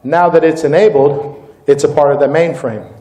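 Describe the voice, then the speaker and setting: A man, a company CEO, giving a live product demo and sales pitch to a room of distributors, upbeat and informal, often calling them "guys.". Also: fairly even intonation, moderate pace, dark tone, roomy sound, lo-fi sound. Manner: upbeat, informal, keeps addressing the crowd as "guys". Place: meeting room with live audience.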